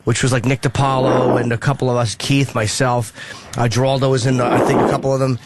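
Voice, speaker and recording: A man with an American accent telling profane, animated stories on a talk radio show, acting out quotes loudly. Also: medium pitch, quick pace, heavy background noise. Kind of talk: casual storytelling on talk radio.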